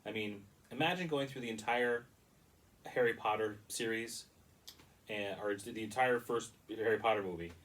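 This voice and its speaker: Male film reviewer, low-ish voice, chatty and critical, stumbles and restarts, mic set back from him. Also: normal speed, a bit bright, recorded from a distance, poor audio. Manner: rambling, critical, frequent restarts. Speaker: movie reviewer. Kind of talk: casual spoken review.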